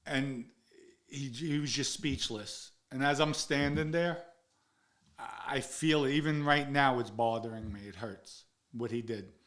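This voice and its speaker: A man recounting a personal story in an interview, blunt and full of swearing. He acts out the heated exchanges and turns low and subdued when the memories get emotional. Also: unhurried, fairly bright tone. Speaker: interview guest recounting his past.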